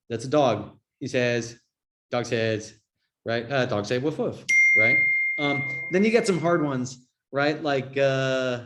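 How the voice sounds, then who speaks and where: A man's voice: mid-range voice, lively intonation, slow pace, a bit bright, slight background noise. Chatty man teaching a casual class. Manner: casual, chatty, says "right?" a lot. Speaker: yoga and Buddhism teacher. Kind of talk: informal class talk.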